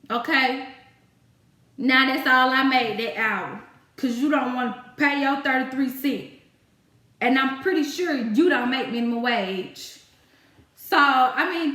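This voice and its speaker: Brief: female vlogger, exasperated storyteller, bright tense tone, roomy echo. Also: sits high. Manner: exasperated, ranting about customers. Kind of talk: casual storytelling. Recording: echoey room.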